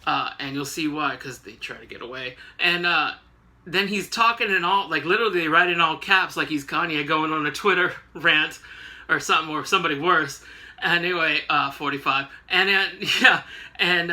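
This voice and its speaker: A man's voice: a little high, moderate pace, pushed and bright. A man hosting a casual comic book recap, rambling and joking with lots of fillers. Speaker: host.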